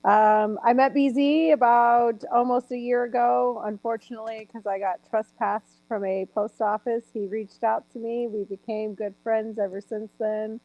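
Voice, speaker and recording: Woman on a stream call, flat steady voice, kinda dull lo-fi audio. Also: fairly high pitch, normal speed, hardly any pauses, dry recording. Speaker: guest auditor. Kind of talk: casual live-stream chat.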